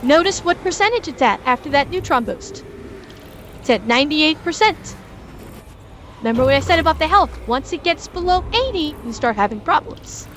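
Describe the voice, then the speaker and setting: A woman's voice: high-pitched, sing-song, moderate pace, fairly bright tone, slight background noise. A woman streamer giving a casual game tutorial, talking her viewers through each step as she plays. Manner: chatty, explains step by step while addressing chat. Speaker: game streamer teaching a lesson.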